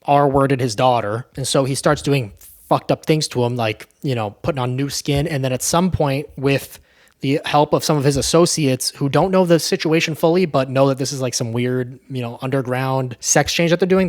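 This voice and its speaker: A man's voice: mid-range voice, moderate pace. A man casually retelling a movie plot, loose and profane, full of fillers. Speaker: movie recap host.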